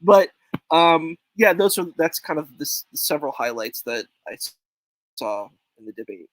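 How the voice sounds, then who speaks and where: Animated man rambling on a panel. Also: on the high side, normal speed, no room sound, rough recording. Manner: rambling, animated when quoting others. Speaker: debate panelist. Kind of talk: casual panel chat.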